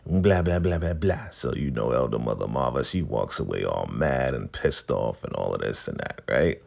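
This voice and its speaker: With an extremely low, creaky voice, a man talks animatedly at a normal speed. He hosts a casual recap vlog, chatting through a drama episode and acting out its scenes in different voices.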